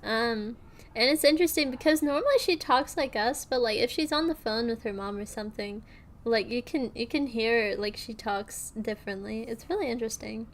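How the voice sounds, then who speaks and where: A woman's voice: on the high side, normal speed, slight background noise. A young woman streaming, chatting casually and rambling with lots of fillers and restarts.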